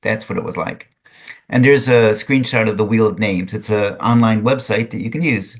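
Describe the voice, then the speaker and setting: An older man, a retired physics teacher, reads a student's poem aloud with a lively sing-song lilt and adds drier spoken asides. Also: lowish voice, moderate pace.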